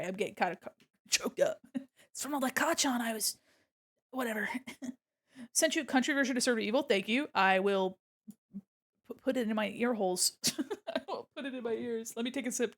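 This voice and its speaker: Woman, streamer, casual livestream chat, giggly, chatty, a bit high, desk mic. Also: gravelly.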